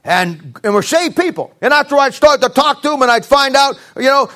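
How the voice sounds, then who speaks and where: A man's voice: very high voice, animated, moderate pace, few pauses, bright, forceful tone. A middle-aged male pastor preaching a sermon in a folksy, emphatic, storytelling way.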